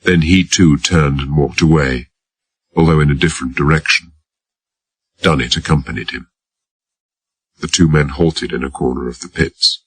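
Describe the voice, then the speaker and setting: Very deep, husky male audiobook narrator. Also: steady tone, normal speed, long pauses, fairly bright tone, no echo. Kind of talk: scripted narration.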